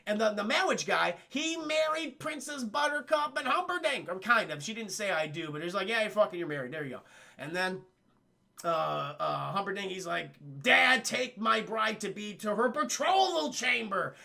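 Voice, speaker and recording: A young man streaming a profane, comic scene-by-scene film recap to his live chat, acting out the characters' lines in quick voices. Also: high voice, creaky. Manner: animated, swears a lot, acts out lines in quick put-on voices.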